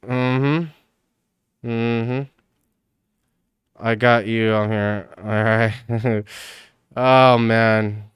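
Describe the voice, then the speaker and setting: Male streamer, casual and profane, unhurried delivery, crisp dry voice. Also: fairly low pitch, fairly even intonation, no room sound. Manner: profane, rambling, laughs a lot. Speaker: live streamer. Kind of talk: casual live-stream chat.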